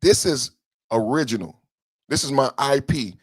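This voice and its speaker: A man's voice: animated, a little slow, slightly rough, no room sound. Impassioned man, dry close sound. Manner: impassioned, repetitive, shifts between low brooding and loud outbursts. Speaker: podcast host. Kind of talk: political commentary monologue.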